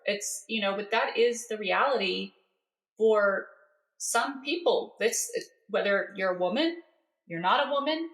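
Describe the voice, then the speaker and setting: A woman's voice: on the high side, fairly bright tone. A woman in a roomy, echoing space hosts an interview. She answers her guest casually, affirming what she heard and thinking her way through the point aloud. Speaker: podcast host.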